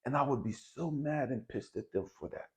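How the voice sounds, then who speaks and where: A man giving a blunt, profane, preachy motivational spiritual talk, swinging between loud emphasis and hushed lines. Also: mid-range voice, normal speed. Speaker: spiritual video host.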